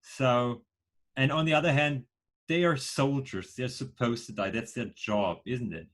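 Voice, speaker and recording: Brief: a man playing a blunt wanderer, slow, halting delivery, mid-pitched, in a tabletop game. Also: close to an everyday voice. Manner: hesitant, thinking aloud with fillers.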